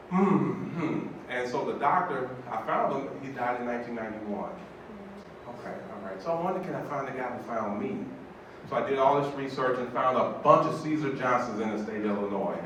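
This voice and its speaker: A man in his fifties, a judge, tells a personal story to an audience in an animated, emotional way, acting out the voices. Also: medium pitch. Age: 50s. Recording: echoey hall from far off, background noise.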